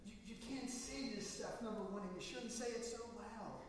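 High-voiced pastor in an echoey hall. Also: male voice, normal speed, far from the mic, crowd noise. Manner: storytelling, animated quoting of people. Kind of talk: sermon. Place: church sanctuary.

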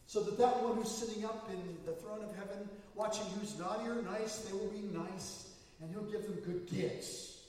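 High-voiced male pastor in an echoey hall. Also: a little mellow. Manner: conversational, storytelling preacher. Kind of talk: sermon. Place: church sanctuary. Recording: echoey hall, mic far off.

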